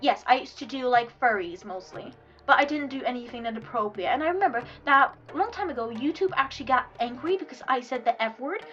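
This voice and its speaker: Drawing on her stream, a young woman talks in a light, high voice, a little fast and with hardly any pauses, drifting off topic and half speaking to herself. Music sits clearly under her the whole time, and the highs are cut off. It's loose, chatty rambling, nothing prepared.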